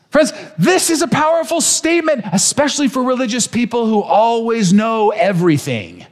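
A man with a strikingly high voice preaches a sermon, pressing his listeners with one rhetorical question after another. His words ring out into the long reverb of a large church hall. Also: expressive, brisk, few pauses. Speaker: pastor. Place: church sanctuary.

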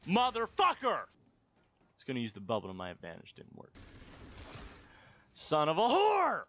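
A man commentating his own shooter gameplay, swearing and yelling outbursts at opponents. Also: a little high, huge pitch swings, normal speed, a little hiss or hum. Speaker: gaming video host.

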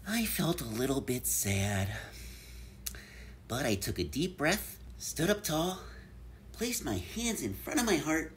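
A man reading a children's picture book aloud as a cheerful yoga-loving bunny, in a sing-song, animated voice. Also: fairly high pitch, takes it slowly, a little hiss or hum. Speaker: storybook narrator.

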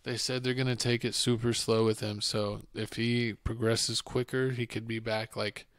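A man's voice: medium pitch, level tone, moderate pace, no echo, studio quality. A man hosting a casual sports podcast, joking bluntly and trash-talking teams. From Texas. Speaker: podcast host. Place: home studio podcast.

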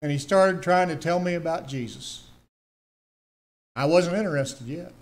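A man's voice: fairly high pitch, measured pace. An older man, giving a personal testimony in church, telling his story earnestly with emphatic repetitions.

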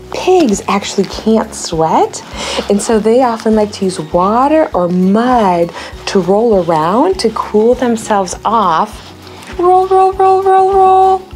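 A young woman leading a toddler learning video, talking slowly and cheerfully in exaggerated teacher tones. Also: mid-range voice, lively intonation, darkish tone, soft background music. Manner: slow, exaggerated, cheerful teacher talk with animal noises. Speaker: children's educator.

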